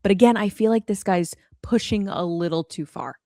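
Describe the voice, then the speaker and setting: A woman's voice: medium pitch, normal speed, warm tone, no room sound, clean studio sound. A young adult woman co-hosting a podcast who chats casually and gives blunt, exasperated opinions with lots of fillers. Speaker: podcast co-host. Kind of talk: casual chat.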